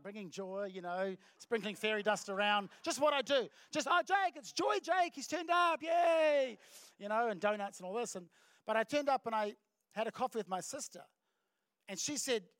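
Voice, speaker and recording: A middle-aged New Zealand pastor preaches from a church stage, his voice pitched high for a man. He tells stories with animated energy, acting out the voices of the people in them. The sound is dry and close, with little room echo. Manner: animated storytelling with acted voices and laughs. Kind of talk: sermon.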